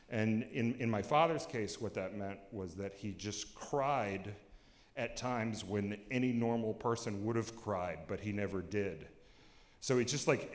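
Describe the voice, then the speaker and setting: A man in his forties tells a candid personal story on stage, halting and often dropping quiet. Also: fairly low pitch. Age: 40s. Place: cultural center hall. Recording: echoey hall with long reverb.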